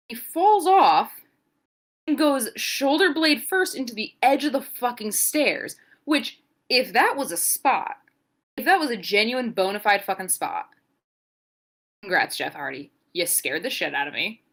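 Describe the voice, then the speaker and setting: Bright-voiced woman, swearing recap. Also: fairly high pitch, very animated, measured pace. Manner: profane, sarcastic, rambling play-by-play. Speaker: podcast co-host. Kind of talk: casual wrestling recap.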